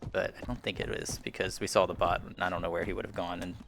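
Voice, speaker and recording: A man's voice: low-pitched, little pitch movement, fast, creaky, fairly bright tone, soft background music. A man casually commenting on his VR shooter gameplay, rambling and self-deprecating, chuckling as he goes, on a headset mic at home. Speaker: gaming YouTuber. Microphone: headset boom mic.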